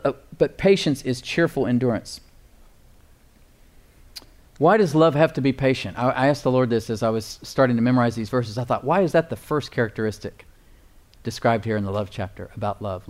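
A man preaching a sermon, slowing down to stress key phrases and calling for responses from the congregation. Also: medium pitch, a little mellow. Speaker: pastor.

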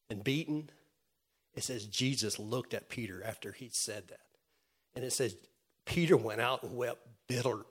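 A man preaching a sermon in an earnest way, with many restarts, moving from loud calls to the congregation to quiet retelling. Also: mid-range voice. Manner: earnest, swings from loud calls to soft storytelling; stammering restarts.

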